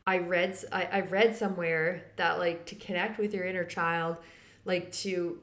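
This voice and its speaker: A woman's voice: level tone, normal speed. A woman hosting a spiritual podcast, talking casually and chatting about her week and her courses. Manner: chatty, laughs often, quotes others with raised pitch. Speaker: podcast host and Akashic Records teacher. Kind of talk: casual chat.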